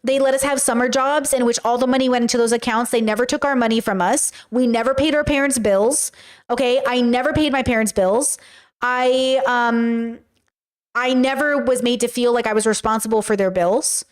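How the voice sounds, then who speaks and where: Brief: young woman livestream host, high voice, blunt, animated chatty delivery. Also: moderate pace. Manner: animated, blunt, talks straight to viewers. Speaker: livestream host reading chat. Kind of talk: casual chat. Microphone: webcam or desk mic on a livestream.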